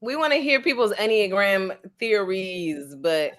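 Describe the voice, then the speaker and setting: A woman co-hosting a podcast in casual chat, animated and quick to mimic others in high voices, laughing often. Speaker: podcast co-host.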